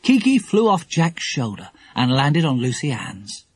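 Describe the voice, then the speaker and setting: A man narrating a children's audiobook in an animated, expressive way. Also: mid-range voice, a little slow, breathy edge, no echo.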